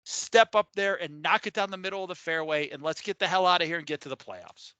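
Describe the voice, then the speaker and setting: A man's voice: on the high side, animated, a little fast, pushed and bright, no room sound, lo-fi sound. A man co-hosting a casual sports podcast, emphatic and repeating words as he gets worked up. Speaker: podcast co-host.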